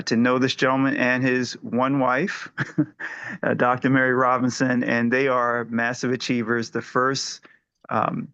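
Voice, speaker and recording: A man's voice: medium pitch, fairly bright tone, clear, resonant tone, no room sound. Earnest man on a dull dry call line. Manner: earnest, halting with fillers. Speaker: team leader introducing the host.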